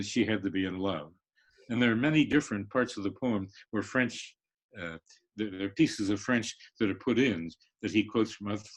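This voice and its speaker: An older man, a literature professor, explaining in a halting lecture style with many pauses and restarts. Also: on the low side, husky. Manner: halting, many fillers and restarts, sings rhythms. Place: online live stream.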